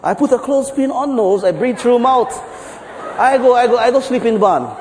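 A man's voice: very high voice, moderate pace, a little mellow, in a large hall, some chatter behind, slight background noise, voice pushed up. A man voicing a fussy man in a joke, speaking clipped broken pidgin. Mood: insistent. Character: fussy joke-story man, high excited voice.

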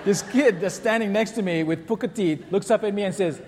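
With a high voice and a slightly fast pace, a middle-aged pastor preaches a sermon full of stories. He animatedly acts out the people in them, including shouts and children's voices. The church recording has a long reverb tail and background noise.

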